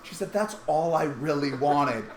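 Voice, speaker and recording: A man with a Canadian accent hosting a podcast, telling a story in an animated way and acting out what people said. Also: fairly high pitch, measured pace. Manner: animated, acts out quoted voices. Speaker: podcast host. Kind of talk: casual storytelling chat. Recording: echoey room, faint noise.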